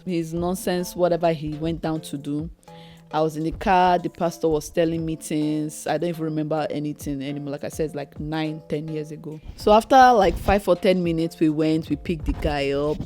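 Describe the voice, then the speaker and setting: A young adult woman with a Nigerian accent, telling a personal story to camera in a lively way and acting out the other people's voices. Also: deep voice, normal speed, faint music behind. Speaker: vlogger.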